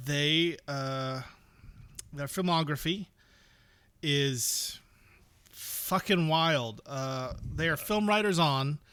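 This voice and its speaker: A man's voice: on the high side, extremely slow, pauses often, sharp tone, clean tone. A man hosting a movie podcast, chatting casually and reading out film credits with dry sarcasm. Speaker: podcast host. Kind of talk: casual movie review chat.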